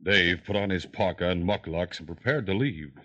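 A man narrating a 1950s radio drama in a measured, formal way. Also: low voice, pushed and bright. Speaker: announcer and narrator.

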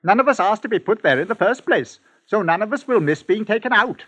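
A steady village doctor figure with a slightly raised, husky voice that rises and falls a lot. He talks in a measured, reasoning way in a 1940s radio drama. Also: sits high. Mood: calm. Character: calm, firm country masseur posing as doctor. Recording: old 1940s radio broadcast.

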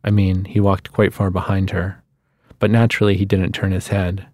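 A man reading a literary short story aloud in a measured storytelling manner, on a studio microphone. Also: sits low, flat delivery, darkish tone, dry recording. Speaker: guest reader.

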